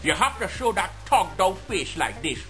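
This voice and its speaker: A man's voice: high-pitched, big pitch swings, normal speed, fairly bright tone, soft background music. A man delivering a mocking, exaggerated comedic rant to his viewers. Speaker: comedy vlogger.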